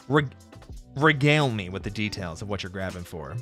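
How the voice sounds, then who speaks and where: A man streaming casually, chatting with viewers in an animated, jokey way and laughing often. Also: lowish voice, moderate pace. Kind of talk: casual live-stream chat answering viewers. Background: faint background music.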